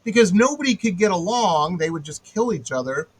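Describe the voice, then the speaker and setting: A man's voice: high-pitched, a little fast, slightly rough, rough recording. A man from Detroit hosting a radio interview, telling stories with sarcastic exaggeration. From Metro Detroit. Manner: animated storyteller, sarcastic exaggeration. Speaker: radio show host. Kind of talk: casual interview chat.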